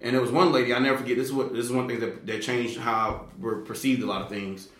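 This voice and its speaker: A man telling a story in casual conversation, animated and slangy, with many fillers and restarts. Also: quick pace, echoey room. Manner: animated, acts out quoted people with big pitch jumps. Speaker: guest telling his story.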